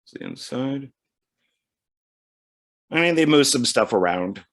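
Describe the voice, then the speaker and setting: A man's voice: medium pitch, animated, a little slow, fairly bright tone. A man casually talking through his DVD purchases, reading back covers aloud and chatting as he goes. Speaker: DVD collection vlogger. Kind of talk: casual unboxing commentary.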